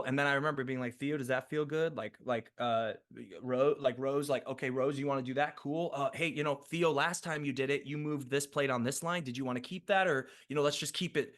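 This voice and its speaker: A man, an actor and podcast guest, telling a long story in a chatty, animated way full of fillers and restarts. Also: mid-range voice, brisk, hardly any pauses. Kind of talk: casual storytelling interview.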